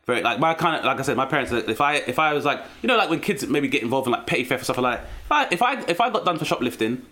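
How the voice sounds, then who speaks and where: London guy, comedian, talks real quick, lively storytelling, does his family's voices. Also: mid-range voice. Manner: animated storyteller, acts out strict relatives. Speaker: comedian guest. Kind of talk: casual podcast interview.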